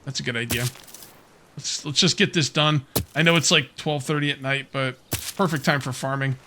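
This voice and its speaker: At a moderate pace and in a mid-range voice, with slight background noise, a let's player offers casual commentary on a survival game. His musing is rambling and self-questioning, broken by soft laughs and hiccups.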